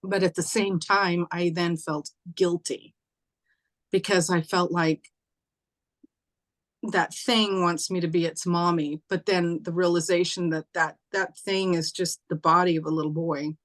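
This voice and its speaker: Woman animatedly telling a ghost story. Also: measured pace. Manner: animated, acts out quoted voices with raised pitch; conversational, with fillers and occasional laughs. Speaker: spiritual teacher and host. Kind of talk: casual storytelling chat.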